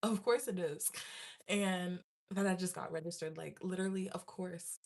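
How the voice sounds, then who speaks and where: Her voice fairly low and her speed normal, a young vlogger tells her viewers a story casually. She laughs frequently and animatedly impersonates her own earlier panic.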